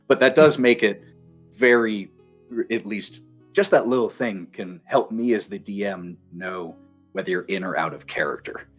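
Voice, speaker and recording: A man's voice: on the low side, normal speed, soft background music. A man who runs tabletop games, chatting casually and animatedly, explaining his points by demonstrating them. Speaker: game master. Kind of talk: casual chat.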